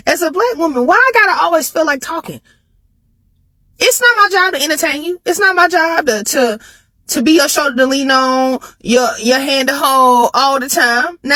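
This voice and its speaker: A woman talking casually to camera, animated, laughing between phrases and jumping high in pitch when she makes a point. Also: dry recording. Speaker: vlogger.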